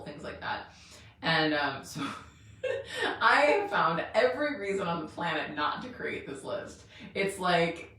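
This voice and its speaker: A woman's voice: low-pitched, pushed and bright, very echoey, distant mic. A middle-aged woman hosting a live money challenge in a chatty, rambling way, laughing often and greeting viewers by name. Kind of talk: casual live-stream chat.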